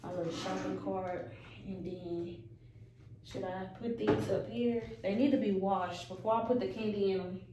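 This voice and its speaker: A woman's voice: mid-range voice, fairly even intonation, normal speed. A woman nail technician chatting casually to her viewers, aggravated, swearing in passing. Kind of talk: casual vlog chat. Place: small nail salon room, indoors. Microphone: camera set down at a distance, no tripod. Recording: echoey room, distant mic, background noise.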